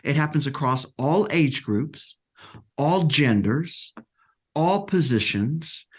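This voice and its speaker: A man career coach talking casually as a podcast guest, animated and acting out quotes, with frequent restarts. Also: fairly high pitch, slow pace, husky. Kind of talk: casual interview talk.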